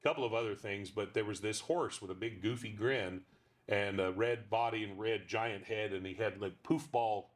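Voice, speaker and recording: A man's voice: fairly low pitch, fairly even intonation, moderate pace. A man who is a ventriloquist and voice actor, chatting in an interview and telling rambling stories with frequent fillers. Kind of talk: casual interview chat.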